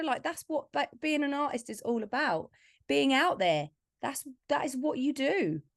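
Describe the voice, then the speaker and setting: On a relaxed podcast, an Essex woman who writes and sings her own songs opens up with heartfelt, candid stories, saying "like" a lot. Her voice is on the high side, recorded at studio quality with no echo.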